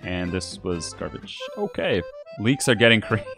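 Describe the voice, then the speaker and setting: A man's voice: on the low side, slow pace, soft background music. A man doing casual commentary as a YouTuber, swearing and laughing often. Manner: animated, swears, laughs a lot. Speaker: YouTuber reviewing memes. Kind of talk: casual commentary while gaming.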